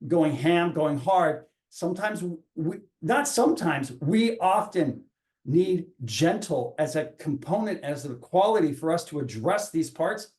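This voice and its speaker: Man in his forties, coach, earnest podcast talk, fairly high voice, roomy echo. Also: darkish tone. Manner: earnest, restarts phrases while thinking aloud.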